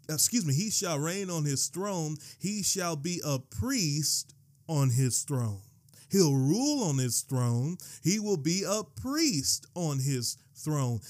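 A man preaching a sermon, slowing down for quoted verses and repeating lines for emphasis. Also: on the high side. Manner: dramatic pauses and slowed quotations, building to shouting; repeats and rereads phrases for emphasis.

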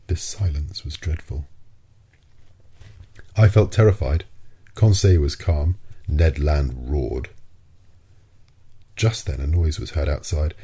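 A man reading a classic adventure novel aloud as an audiobook narrator, in a measured, deliberate way. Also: low-pitched, mellow, breathy edge. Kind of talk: scripted narration.

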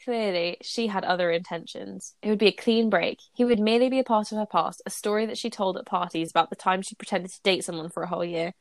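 A woman co-host who reads a story aloud and breaks off to chat. She's blunt and animated, with a mid-range voice. The sound is dry and close. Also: medium pitch, fast, few pauses, dry recording. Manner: animated, blunt, swears freely. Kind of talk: casual chat and story reading.

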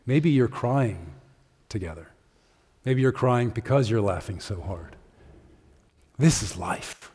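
A man preaching a sermon as pastor, with earnest, conversational delivery, pauses and fillers, and a soft, prayerful tone in prayer. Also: medium pitch. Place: church sanctuary. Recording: long hall reverb.

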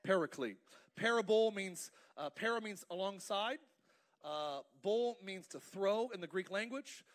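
A male pastor preaching a lively, joking sermon in church and calling the congregation to respond. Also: sits high, measured pace. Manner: playful, asks the congregation to respond.

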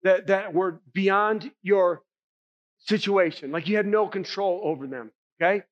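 A man's voice: high voice, measured pace, muffled recording. A male pastor preaching a sermon in a conversational way, often checking in with the congregation with "right?" and "okay?".

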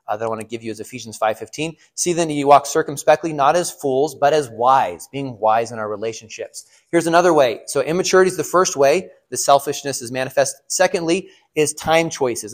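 A man's voice: medium pitch, a little fast. A middle-aged man giving a casual sermon on marriage to a class, chatty, laughing at his own stories and asking the room questions. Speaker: pastor or class teacher.

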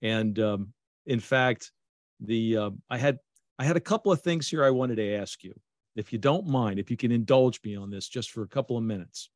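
A man's voice: mid-range voice, moderate pace, no echo, clean studio sound. A male podcast host from Baltimore, earnest and hesitant, full of ums and restarts while chatting with a guest. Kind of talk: casual interview chat.

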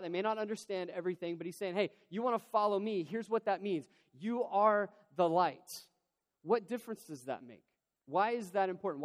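A man delivers a sermon in a large church hall, telling a story in a lively, conversational manner. His voice sits a little high for a man. The sound carries a long reverb from the hall. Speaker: pastor.

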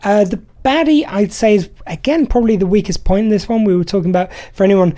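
The speaker is a woman from Britain who presents a radio program, where she chats with enthusiasm about films in a loose review format. She laughs easily, and her mellow, medium-pitched voice moves at a quick pace.

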